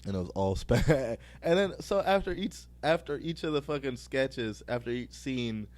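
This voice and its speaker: A man's voice: mid-range voice, animated, normal speed, darkish tone. A young man hosting a podcast, telling a rambling, profane story and laughing at his own jokes. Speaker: podcast host.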